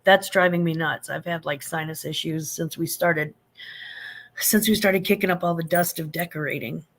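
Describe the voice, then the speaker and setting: A woman's voice: low-pitched, steady tone, normal speed. A woman in her fifties hosting a casual live-stream chat. She rambles happily with lots of fillers and restarts, and greets viewers with pet names like sugar and honey. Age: 50s. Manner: affectionate, greets viewers with endearments.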